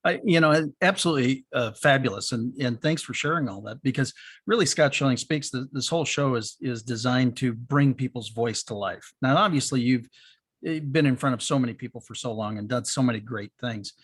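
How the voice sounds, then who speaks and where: A man hosting a podcast, warmly affirming his guest before asking his next question. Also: mid-range voice, brisk, breathy edge, no echo. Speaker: podcast host. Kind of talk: interview chat.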